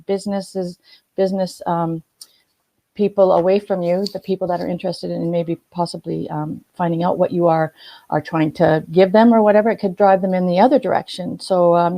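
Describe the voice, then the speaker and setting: Halting woman giving business tips. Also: on the low side, dark tone, no echo. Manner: halting, many ums and restarts. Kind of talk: casual live-stream tips. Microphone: phone or webcam, looking at notes.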